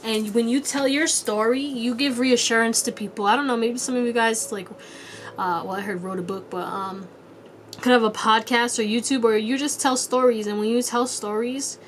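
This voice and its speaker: A woman's voice: fairly even intonation, moderate pace, a little hiss or hum. Chatty, laughing woman tarot reader. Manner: chatty, laughs often, swears casually; playful high-pitched quoted voices. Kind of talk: casual pick-a-card tarot reading.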